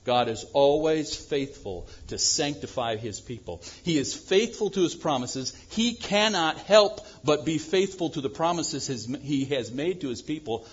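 A man preaching a sermon as pastor, swinging from loud acted-out prayers to low, quiet asides. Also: measured pace, hardly any pauses, breathy edge, muffled recording. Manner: animated preaching, acting out prayers loudly then dropping low.

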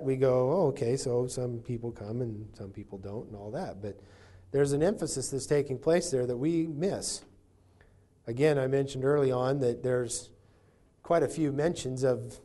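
Mellow-voiced preacher teaching scripture. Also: male voice, mid-range voice. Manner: teaching verse by verse, explaining word meanings. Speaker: pastor. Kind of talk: sermon.

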